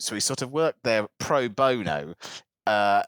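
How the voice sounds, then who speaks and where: Animated storytelling man, lively pitch. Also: normal speed, no echo. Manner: animated anecdote teller, slips into character voices. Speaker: podcast co-host. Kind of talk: casual storytelling chat.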